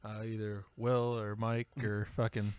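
A man hosting a podcast in a relaxed, casual way, laughing along and chiming in briefly. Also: on the low side, unhurried, crowd noise. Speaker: podcast host. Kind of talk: casual chat.

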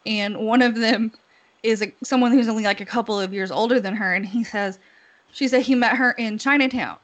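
Woman co-host, bright-ish higher voice, giggly and chatty, casual retelling. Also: fairly quick, dull audio. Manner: giggly, chatty, laughs often while retelling. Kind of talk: casual chat.

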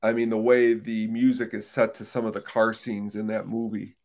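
A man co-hosting a live film podcast, agreeable and a little halting in casual chat. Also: lowish voice, completely flat delivery, a little mellow. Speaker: podcast co-host.

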